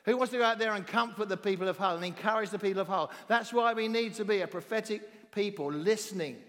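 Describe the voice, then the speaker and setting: Emphatic high-voiced southern English preacher. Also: male voice, fast talker. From southern England. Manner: emphatic, rising to near-shouting on key phrases. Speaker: visiting pastor. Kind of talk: sermon. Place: church hall. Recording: reverberant church hall.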